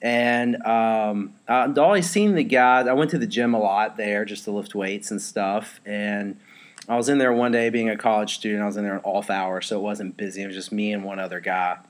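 Easygoing deep-voiced man telling stories. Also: steady tone, moderate pace. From western Virginia. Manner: friendly, easygoing, many ums and uhs. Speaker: podcast guest, jiu-jitsu black belt. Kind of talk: casual interview storytelling.

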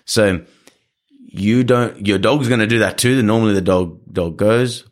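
A man who trains dogs, talking through his advice in a casual podcast chat, earnest and coaching, now and then acting out quick scenes with owners and dogs. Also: lowish voice. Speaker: dog trainer.

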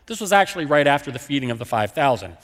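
A man's voice: mid-range voice, sing-song, fast talker, fairly bright tone, in a large hall. A man preaching a sermon as a pastor, telling the story with emphatic, repeated phrases.

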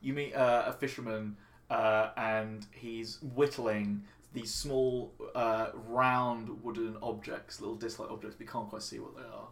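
Halting, filler-heavy game master man. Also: mid-range voice, fairly even intonation, a bit bright. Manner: hesitant, halting narration with many fillers. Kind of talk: narrating a tabletop game.

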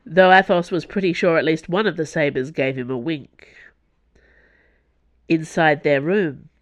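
Dry, close audiobook narrator. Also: dry recording. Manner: even, close storytelling with quiet, lowered asides.

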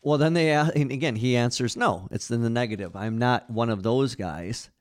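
A man's voice: mid-range voice, moderate pace. A man co-hosting a casual Bible study discussion, talking in an earnest, conversational way with frequent restarts.

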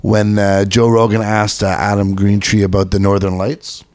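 A man with a lowish voice rambling through podcast banter, often pausing on fillers. The sound is close and dry, with no room echo. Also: level tone, darkish tone. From Canada. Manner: rambling, hesitant, many fillers. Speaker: podcast co-host. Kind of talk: casual podcast chat.

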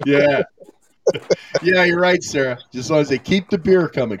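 A man's voice: on the high side, normal speed, lo-fi sound, slight background noise. An older American man hosting a podcast, joking and rambling in casual chat, laughing often. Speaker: podcast host.

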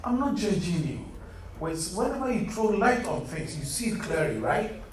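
A man's voice: sits high, big pitch swings, moderate pace. A man leading a Bible study as an interactive sermon, earnestly quizzing his listeners and calling them "beloved". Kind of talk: interactive sermon to a youth group. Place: room set up with chairs. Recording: echoey room, mic far off, faint hum.

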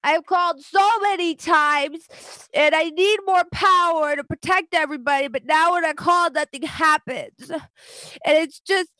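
A woman's voice: very high-pitched, measured pace, pushed and bright, no room sound, pitched above the performer's own voice, heavily acted, rough recording. A woman voicing a sad, pouting little goblin girl who talks in a whiny, tearful ramble. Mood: upset.

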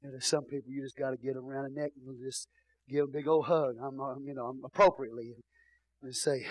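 A middle-aged male pastor with a Texan accent preaching a sermon, swinging between booming shouts and soft murmurs. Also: fairly even intonation, fast talker, no echo, low-quality recording.

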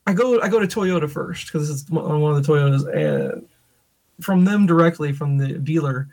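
A man co-hosting a podcast, telling animated stories in casual chat and laughing often. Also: fairly high pitch, normal speed. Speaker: podcast co-host.

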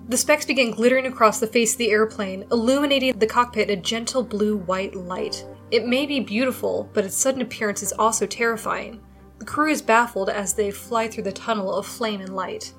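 A woman's voice: medium pitch, a little fast, faint music behind. A woman in her thirties co-hosting a casual podcast, chatting and laughing, then reading out a story. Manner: giggly, chatty, does silly voices. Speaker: podcast co-host. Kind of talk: casual chat and read-out narration.

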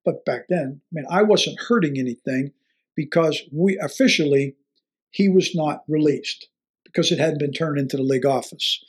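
An older man, a former football coach, telling a story in an interview in an animated way, acting out the dialogue and chuckling often. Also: fairly high pitch, normal speed, breathy edge.

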